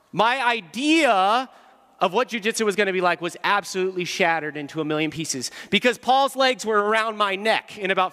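Man, high voice, bright tone, self-deprecating storyteller, reverberant hall. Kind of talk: humorous storytelling talk.

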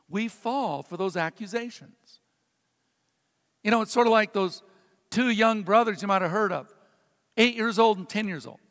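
A man preaching a sermon as a pastor, telling stories dramatically and swinging between loud emphasis and hushed, quiet passages. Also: sits high. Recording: long reverb of a large hall.

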